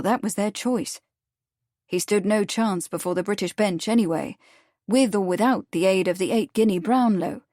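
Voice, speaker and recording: A woman reading a period mystery audiobook in a measured, even scripted narration. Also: medium pitch, no echo, clean studio sound.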